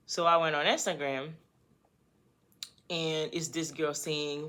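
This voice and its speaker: Low-voiced woman telling a storytime. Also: unhurried. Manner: animated, conversational, talks straight to the viewer. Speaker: vlogger. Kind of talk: storytime vlog.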